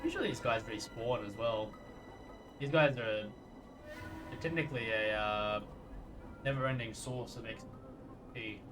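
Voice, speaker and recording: A man's voice: medium pitch, unhurried, pauses often. Man muttering let's play commentary. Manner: reads game text aloud, muttered asides. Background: game music.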